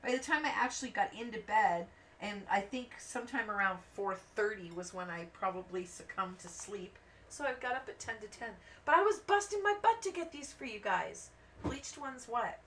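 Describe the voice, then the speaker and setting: A woman's voice: mid-range voice, moderate pace. Chatty woman telling rambling stories. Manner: rambling, animated anecdotes with acted-out quotes. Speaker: craft channel host. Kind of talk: chatty storytelling while coloring. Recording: voice a bit distant from the mic, faint background noise.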